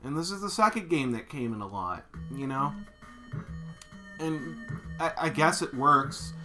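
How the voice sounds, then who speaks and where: Young man, mock-outraged vlog rant, slightly high voice, music underneath. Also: expressive, measured pace. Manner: mock-outraged, swings from mumbling to shouting. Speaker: YouTuber.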